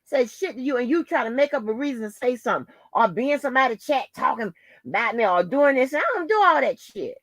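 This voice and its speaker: High-voiced woman in a cursing rant. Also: expressive, fast talker, a bit bright, no echo. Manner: heated, cursing, taunting. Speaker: channel host. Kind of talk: angry profane rant to the camera.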